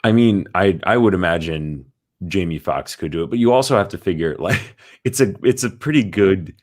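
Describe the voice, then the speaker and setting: A very deep-voiced man co-hosting a movie podcast. He rambles in a loose, casual way, reading news items aloud and padding his sentences with ums and likes. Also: lively intonation, moderate pace, darkish tone. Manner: rambling, reads out news articles with many fillers. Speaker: podcast co-host.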